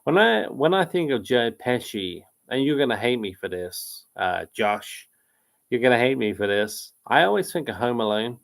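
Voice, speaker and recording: A man's voice: mid-range voice, very animated, moderate pace, vocal fry, a bit bright. A man hosting a live quiz stream, reading out chat comments and rambling casually about films, often breaking off mid-sentence and laughing.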